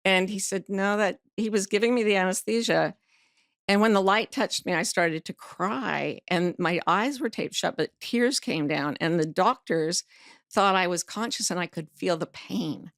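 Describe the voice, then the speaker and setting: A woman's voice: on the low side, normal speed, creaky, a bit bright, no echo, studio quality. A middle-aged woman sharing a personal story as a podcast guest, vividly acting out the voices she quotes, blunt and earthy. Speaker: guest author and life coach. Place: podcast studio.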